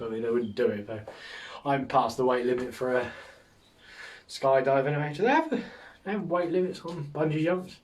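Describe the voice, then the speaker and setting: A man's voice: medium pitch, far from the mic. A man hosting a casual solo podcast, rambling through jokes with a self-mocking humour and frequent chuckles. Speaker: podcast host.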